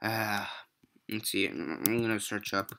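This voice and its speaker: A man's voice: on the low side, a little slow, background noise. A young man casually reviewing movies in a rambling, profane, exasperated rant.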